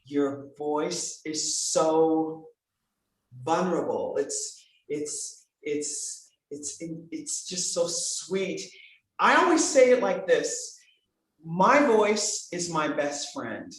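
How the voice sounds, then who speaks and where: Animated woman voice coach, very echoey. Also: sits low, extremely slow. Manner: animated, emphatic, swings between bright exclamations and soft earnest asides. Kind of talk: enthusiastic conversational podcast talk. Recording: very echoey room.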